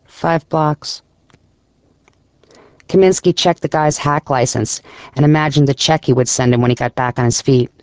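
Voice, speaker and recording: A man reading a story aloud in a measured, even storytelling voice with a gravelly edge. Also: mid-range voice, no room sound. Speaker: narrator. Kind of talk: scripted audiobook narration.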